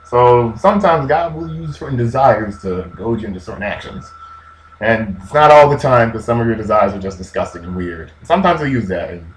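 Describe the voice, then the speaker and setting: A man's voice: medium pitch, animated, fairly quick, slight background noise, rough recording. A man hosts his own casual video, riffing on an old story with slang and asides. His voice sits in an ordinary mid-range, and his delivery is loose and playful. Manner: jokey, rambling, slangy. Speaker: video host. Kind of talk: casual comedic Bible retelling.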